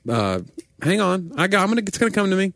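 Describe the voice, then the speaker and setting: A man's voice: high-pitched, sing-song, quick pace, gravelly, fairly bright tone, dry recording, studio quality. A man in his forties co-hosting a podcast, chatting casually, joking, and sometimes trailing off while he searches for words. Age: 40s. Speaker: podcast co-host.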